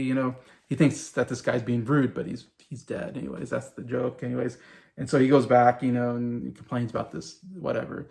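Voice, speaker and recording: A man's voice: medium pitch, steady tone, brisk, vocal fry, darkish tone. A man in his thirties hosting a casual sitcom review, rambling with many fillers and restarts. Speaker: show host reviewing a sitcom.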